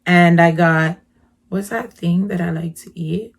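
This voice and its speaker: A woman vlogger telling a story in a casual, slangy way, jumping between hushed asides and loud exclamations. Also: lowish voice, normal speed, creaky, husky.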